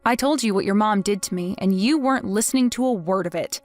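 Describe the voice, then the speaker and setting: A woman's voice: medium pitch, fast, faint music behind, natural voice. A woman voicing a vengeful young wife who speaks in a mocking, sarcastic way. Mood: taunting. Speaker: wife in a text-message story.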